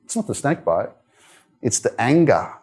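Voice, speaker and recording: An Australian man in his younger years speaks at a live motivational event. He tells his own story in a loose, candid way, full of "like" and "you know". His voice sits at an ordinary middle pitch. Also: very animated, moderate pace, a little mellow. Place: wellness centre event room.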